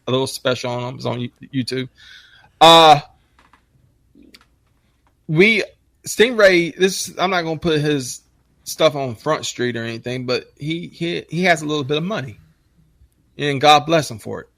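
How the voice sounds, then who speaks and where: A man telling profane, rambling stories in a casual podcast chat, his voice shooting up high when he gets worked up. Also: fairly bright tone, no echo.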